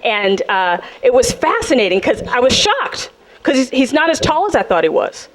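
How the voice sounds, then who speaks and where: Sassy high-voiced woman doing stand-up. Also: moderate pace. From South Central Los Angeles. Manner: sassy, animated, acts out characters. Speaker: stand-up comedian. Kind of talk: stand-up comedy set. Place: comedy club stage with audience. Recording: live club, loud crowd laughter. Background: audience laughing.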